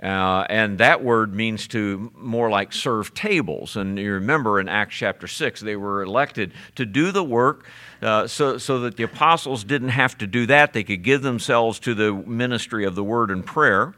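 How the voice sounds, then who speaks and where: A man preaching a sermon as pastor, slowing down and rising in pitch when he reads scripture aloud. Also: sharp tone. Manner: preaching, slows and rises on scripture quotes.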